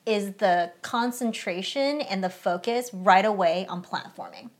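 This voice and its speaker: Young woman podcast cohost, animated chatty review talk, lots of "like"s. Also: medium pitch, measured pace. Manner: chatty, animated, frequent "like" fillers. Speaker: podcast co-host. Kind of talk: casual movie review chat.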